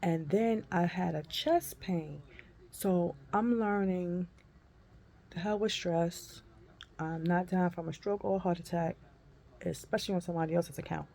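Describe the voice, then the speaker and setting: A woman in her fifties telling a personal story in a folksy, animated way and calling listeners honey and baby. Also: on the low side, a little slow, vocal fry. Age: 50s. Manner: animated, acts out her own cries and shrieks. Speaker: vlogger.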